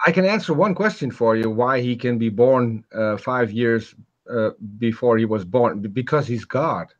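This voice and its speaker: A man's voice: medium pitch, normal speed. A man hosting a casual chat, asking hesitant, teasing questions. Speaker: host. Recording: dull lo-fi sound.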